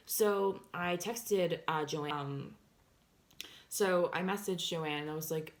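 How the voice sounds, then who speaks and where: A young woman with a fairly low voice tells a storytime vlog in loose, chatty fashion. She fills her talk with "like" and "um" and slips into animated voices when she quotes what people said. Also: slow, reverberant. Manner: chatty, fillers of "like" and "um" throughout. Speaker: vlogger.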